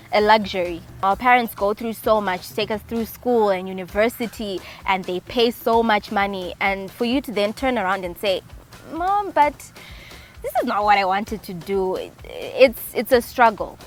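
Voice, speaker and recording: A woman from Zimbabwe, a dance instructor, speaking earnestly in an interview. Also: mid-range voice. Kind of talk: interview testimony.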